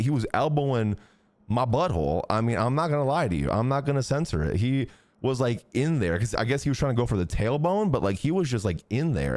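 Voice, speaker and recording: A man's voice: mid-range voice, no echo. Guy streamer ranting to chat, swears a ton, voice jumps all over, dry close mic. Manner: animated, crude, swears a lot. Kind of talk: casual storytelling to chat.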